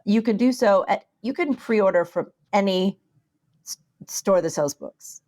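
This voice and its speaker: A woman co-hosting a podcast with wry, deadpan humor. She talks in a relaxed, casual way at a middle pitch. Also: unhurried. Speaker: podcast co-host and author.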